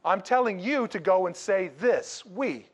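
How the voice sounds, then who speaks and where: A male pastor preaching a sermon in a conversational, animated way, with rhetorical questions and slangy asides. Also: high-pitched, moderate pace.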